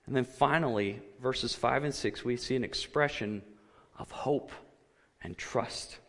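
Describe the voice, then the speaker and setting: A man preaching a sermon, earnest and measured, his voice rising when he quotes cries of anguish. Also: medium pitch, a bit bright, long reverb tail. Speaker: pastor.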